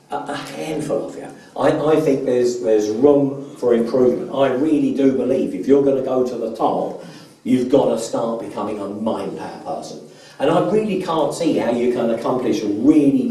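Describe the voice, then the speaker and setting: A man's voice: medium pitch, mellow. A man giving a motivational training seminar to a live audience. He keeps polling the crowd with questions and often repeats a word as he starts a phrase. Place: large convention hall. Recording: echoey hall, voice from far off.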